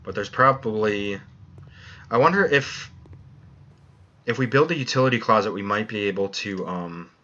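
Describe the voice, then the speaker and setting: A man's voice: lowish voice, normal speed, pauses often, bright, forceful tone, highs cut off. A man streaming a video game, musing aloud as he thinks through his choices in casual commentary.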